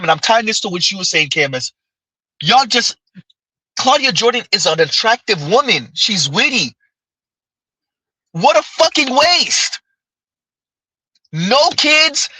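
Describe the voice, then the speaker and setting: A man's voice: extremely high pitch, bright, forceful tone, no echo, rough recording. A man hosting a podcast, ranting in casual commentary, profane and exasperated. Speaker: podcast host.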